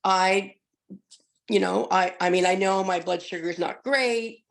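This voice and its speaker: A hoarse, middle-aged woman giving a chatty testimonial on a group call, with frequent restarts. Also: mid-range voice, fairly even intonation, a little slow. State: hoarse from being sick.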